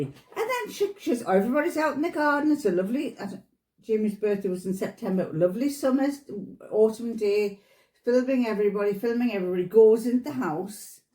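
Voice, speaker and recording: A woman in her seventies chats at home, telling stories with a lively, swooping voice. Her tone is soft and mellow, and she laughs often. The room around her is echoey. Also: medium pitch, brisk. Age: 70s. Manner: chatty storyteller, laughs often. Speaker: vlogger. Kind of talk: casual chat.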